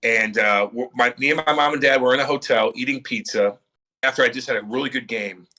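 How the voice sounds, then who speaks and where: Bright-voiced man telling animated stories. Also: mid-range voice, brisk. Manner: animated storyteller, acts out quotes, swears freely. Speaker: former pro hockey player, guest. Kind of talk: casual storytelling in a podcast chat.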